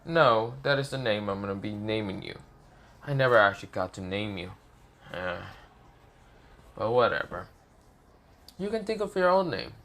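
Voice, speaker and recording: A man voicing a deep-voiced demon king speaking to his son, halting and rambling with many restarts. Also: animated, fairly bright tone. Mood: dismissive.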